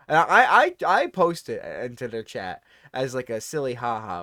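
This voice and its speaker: A man tells a long comic story in a casual, rambling way. He keeps breaking off, laughing and going back over his words. His voice swoops up and down a lot, and there is steady noise under the recording. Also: on the high side, moderate pace. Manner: rambling, self-interrupting, laughing through his stories. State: tired. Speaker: host. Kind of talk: casual comedic storytelling monologue.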